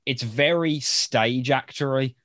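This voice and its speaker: A man chatting on a podcast with an eager, storytelling manner, often doubling his words. His voice is dry and close to the mic, with no room around it, at a middle pitch. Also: takes it slowly, a bit bright, dry recording. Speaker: podcast co-host. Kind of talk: casual chat.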